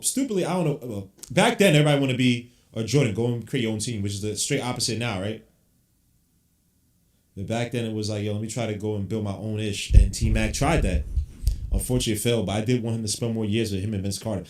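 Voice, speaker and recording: A man's voice: on the low side, fast, a little mellow. Frustrated man ranting in a roomy echo. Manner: blunt, frustrated fan ranting, swears casually. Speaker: podcast host. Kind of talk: live game watch-along reaction.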